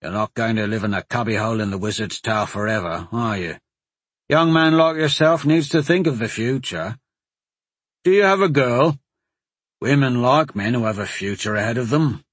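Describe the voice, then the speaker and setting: A man's voice: medium pitch, moderate pace, breathy edge, no echo, lightly acted. Man doing a blunt skeptical soldier. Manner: blunt, grumbling then encouraging.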